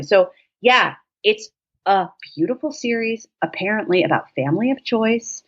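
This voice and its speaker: With a fairly high voice at normal speed, this podcast guest swears freely while telling jokey, animated stories in a casual conversation. The sound is dull and lo-fi.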